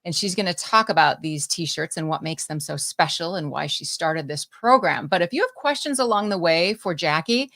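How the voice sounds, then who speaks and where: A woman's voice: on the low side, expressive, normal speed, few pauses, bright, forceful tone. A woman hosting a live-streamed interview podcast, talking in an effusive, encouraging way and gushing with praise. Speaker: podcast host.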